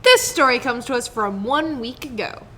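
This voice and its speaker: A woman's voice: fairly high pitch, animated, moderate pace, pushed and bright, a little hiss or hum. A young adult woman co-hosting a podcast, chatting casually and retelling a news story with frequent laughter. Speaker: podcast co-host, news segment host.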